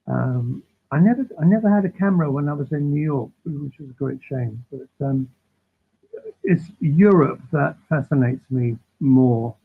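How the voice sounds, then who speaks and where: A man guesting on an interview, telling animated, rambling anecdotes that keep interrupting themselves. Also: medium pitch, vocal fry, slightly rough. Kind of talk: casual storytelling. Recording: tinny phone-like line.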